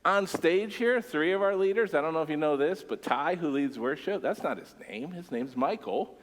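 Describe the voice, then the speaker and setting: A man preaching a sermon as a church pastor, relaxed and conversational with jokes. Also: fairly high pitch, normal speed. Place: church sanctuary stage. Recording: long church-hall reverb.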